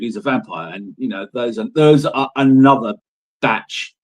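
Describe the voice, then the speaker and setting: A man's voice: mid-range voice, normal speed, slight background noise, low-quality recording. Rambling, swearing man telling stories. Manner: rambling, emphatic, swears freely. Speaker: interview guest. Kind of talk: casual storytelling in an interview.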